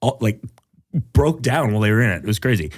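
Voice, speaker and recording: Young male podcast host, husky and animated, loose profane banter. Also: fairly low pitch, fast talker. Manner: swears often, joking. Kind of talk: casual comedy podcast chat.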